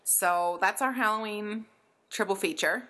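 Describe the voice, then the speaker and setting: A woman's voice: mid-range voice, measured pace, fairly bright tone. A young woman co-hosting a podcast in casual chat, chatty and giggly, full of "like". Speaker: podcast co-host.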